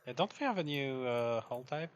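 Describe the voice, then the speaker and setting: A man's voice: mid-range voice, expressive, a little fast. A man chiming in with brief, dry remarks during a casual gameplay chat. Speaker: co-commentator.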